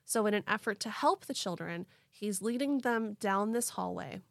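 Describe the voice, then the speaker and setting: An animated young woman hosts a podcast, telling a story in loose, casual chat peppered with "like". Her voice is close and dry, with no room sound, and her pitch sits in a middle range. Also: moderate pace, creaky, dry recording. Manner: animated, laughing, lots of "like". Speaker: podcast host.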